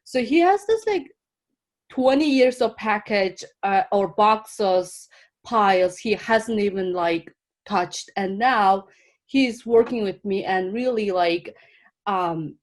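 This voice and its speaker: A woman's voice: mid-range voice, lively intonation, takes it slowly. A woman coach describing her client over a video call, rambling and full of "like" and "you know.". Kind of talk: casual explanation on a video call.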